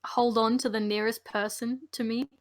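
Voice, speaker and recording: A woman's voice: fairly high pitch, level tone, normal speed. A woman playing in a tabletop game, speaking earnestly and a little unsure. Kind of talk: casual game chat.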